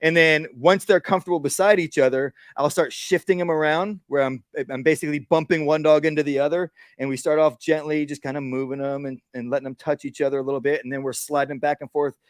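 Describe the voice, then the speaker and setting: A man's voice: on the high side, steady tone, fast talker, few pauses, no echo, clean studio sound. A man, a dog trainer, giving a casual workshop talk outdoors and acting out what dogs and owners say.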